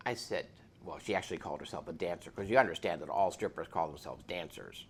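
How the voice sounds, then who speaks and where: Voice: low voice, expressive, a little fast, a little hiss or hum. A police officer giving an earnest, preachy spoken testimony.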